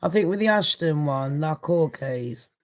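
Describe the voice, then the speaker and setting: A woman's voice: low-pitched, lively intonation, unhurried. Brash sweary woman gossiping. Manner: brash, sweary and laughing often. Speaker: gossip channel host. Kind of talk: casual celebrity gossip chat.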